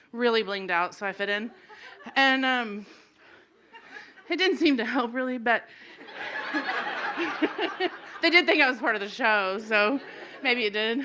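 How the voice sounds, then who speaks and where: A middle-aged woman telling a true comic story on a live stage, animated and laughing as she goes. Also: on the high side, background noise. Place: live stage before an audience.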